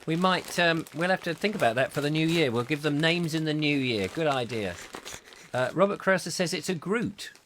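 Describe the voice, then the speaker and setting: A man's voice: a little high, expressive, moderate pace, a bit bright, a little hiss or hum. A man hosting a comic live chat show, jokey and playful with rambling asides. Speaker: host.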